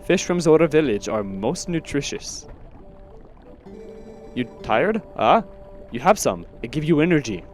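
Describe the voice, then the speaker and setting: A caring male yeti from a video game speaks in slow, simple broken English, voiced by a man. His talk is plain and unhurried, with brief questioning tags. Soft game music hums faintly in the background. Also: on the high side, sing-song.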